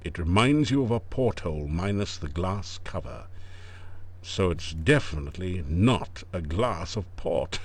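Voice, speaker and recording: A wry adventure-game narrator who tells puns with mock gravity. His low voice swoops through a very lively range. The delivery is dry and knowing. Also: unhurried, heavily acted. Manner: dry, punning, mock-grave.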